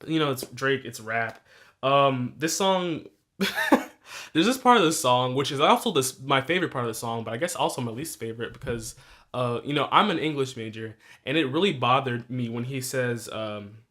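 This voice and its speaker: A man's voice: medium pitch, animated, moderate pace, fairly bright tone. A young man hosting a music podcast, talking loosely and profanely, correcting himself often and laughing at his own points. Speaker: podcast host reviewing new music. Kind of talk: casual solo music review.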